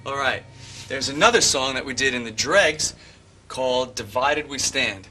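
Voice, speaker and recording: Bright-voiced older man teaching drums. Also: moderate pace, a little hiss or hum. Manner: methodical, hums bass lines as syllables. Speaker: drum instructor. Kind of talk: instructional explanation with count-ins.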